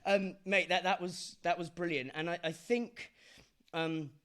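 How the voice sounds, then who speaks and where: A man's voice: high-pitched, fairly even intonation, a little slow, a bit bright. A man hosting a podcast interview, casual and chatty, fond of "like" and "mate" and some swearing. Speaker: podcast host.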